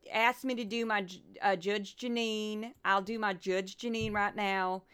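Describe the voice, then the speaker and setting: Brief: woman podcast host, bright, crisp voice, chatty and sarcastic. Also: medium pitch, steady tone, a little slow. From southern United States. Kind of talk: casual commentary.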